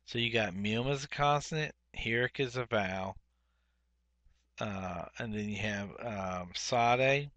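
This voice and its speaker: A man walks through a grammar lesson at an unhurried pace, saying each Hebrew word twice and working through it step by step. His voice is bright and a little tense. The sound is close and dry. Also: lowish voice, dry recording. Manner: deliberate, repeats each Hebrew word twice, frequent "uh" fillers. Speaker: Biblical Hebrew teacher. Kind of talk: workbook lesson, explaining grammar.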